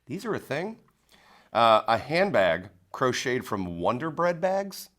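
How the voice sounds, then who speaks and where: A man's voice: mid-range voice, very animated, slow pace, fairly bright tone. A man hosting a local talk show, giving a casual comedic monologue in front of a small studio audience, sounding incredulous and laughing along.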